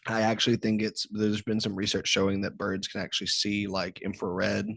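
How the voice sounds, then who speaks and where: A man on a podcast, jumping in quickly and tentatively with a thought. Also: fairly low pitch, monotone, vocal fry, fairly bright tone, dry recording. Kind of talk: podcast interview.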